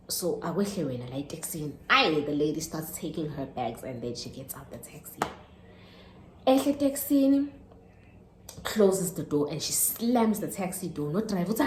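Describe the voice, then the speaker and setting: A young woman in her twenties with a South African accent telling a storytime vlog, animated and switching between Zulu and English. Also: low voice, moderate pace. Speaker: YouTuber. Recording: echoey room, faint noise.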